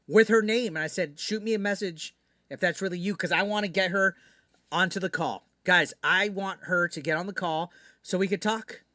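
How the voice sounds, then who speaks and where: Ranting at his live-stream chat, this high-voiced man sounds bright and forceful, brash, profane and full of mockery. The desk mic picks him up close and dry, with no room sound.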